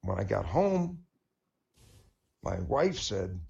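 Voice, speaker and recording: A man tells groan-worthy jokes as stand-up and laughs along at his own punchlines. His voice is gravelly and swings up and down lively. The sound comes through dull and lo-fi, like an online voice chat. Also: mid-range voice, normal speed. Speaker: comedian. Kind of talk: stand-up joke telling.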